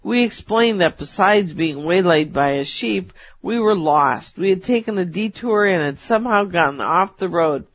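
A woman co-hosting a talk show, reading a personal story aloud in a measured storytelling manner. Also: on the low side, animated. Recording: dull, dry.

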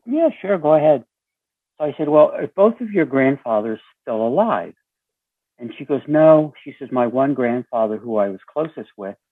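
A man with a raspy voice telling a story as an interview guest, acting out the dialogue with lively shifts. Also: medium pitch, no echo. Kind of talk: storytelling conversation. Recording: tinny phone line.

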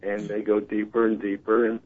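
A man talking earnestly in a casual conversation, telling animated stories and quoting other people, heard over a phone call. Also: on the low side, moderate pace. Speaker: guest. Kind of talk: casual talk show conversation. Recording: tinny phone-line sound.

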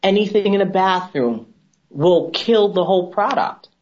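A woman esthetician talking in an animated, emphatic, chatty way as a guest on a TV segment, on a dull lo-fi recording. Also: medium pitch, a little slow. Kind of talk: casual TV chat.

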